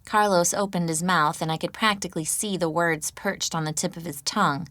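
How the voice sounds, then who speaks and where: There's no room sound around this woman as she narrates an audiobook. She speaks in a fairly low voice with an even, measured storytelling delivery.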